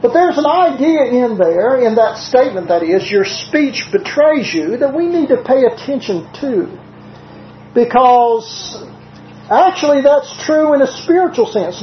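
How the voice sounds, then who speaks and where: A preacher with a Southern US accent giving a sermon in a measured, conversational way, slowing down to stress quoted scripture. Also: medium pitch, slight background noise. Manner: conversational asides with frequent "uh" fillers. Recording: roomy, dull lo-fi recording.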